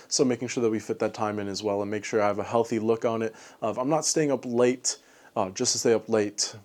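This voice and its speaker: A man's voice: fairly low pitch, a little mellow. A man giving a casual late-night vlog recap of his day, rambling with lots of fillers and ending with upbeat encouragement. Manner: talking a little fast late at night. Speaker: fitness vlogger.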